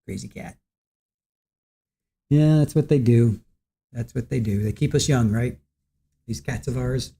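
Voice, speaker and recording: Chatty livestream host, mellow voice. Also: mid-range voice, normal speed, husky. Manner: relaxed, chatty, chuckles between comments. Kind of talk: casual chat reading viewer comments.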